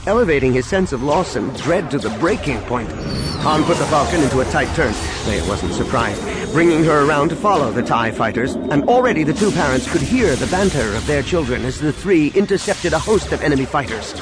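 A man narrating an action novel in a dramatic, expressive storytelling manner. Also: medium pitch, a little fast. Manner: expressive storytelling with acted voices. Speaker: audiobook narrator. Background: cinematic music.

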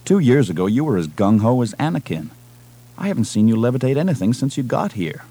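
A man's voice: medium pitch, very animated, fairly quick, warm tone, slightly rough. A man voicing a wry, sardonic middle-aged starship captain and father, in a dry drawl, in an audiobook reading. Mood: concerned.

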